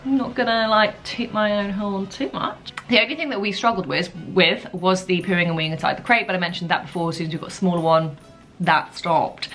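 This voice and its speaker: A young woman chatting casually in a relaxed way for her vlog, with lots of asides. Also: on the low side. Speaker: vlogger. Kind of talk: casual chat.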